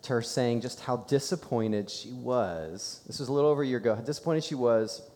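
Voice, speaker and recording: Man, pastor, sermon, conversational storytelling, mid pitch, echoing church hall. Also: a little fast, darkish tone. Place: church sanctuary.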